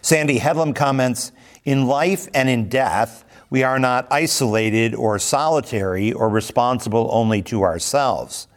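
A man teaching a scripture lesson at a mid-range pitch. He reads the passage aloud first, then explains it word by word in a measured way. He fills his pauses with "um" and keeps asking "right?" as he goes. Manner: measured, explanatory, with frequent ums and rhetorical "right?". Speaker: Bible teacher.

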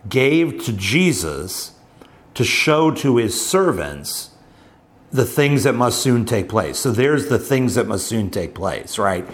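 Speaking in a mid-range voice, a man works through scripture for a Bible study group; his explanations are reflective and halting, full of pauses and filler words.

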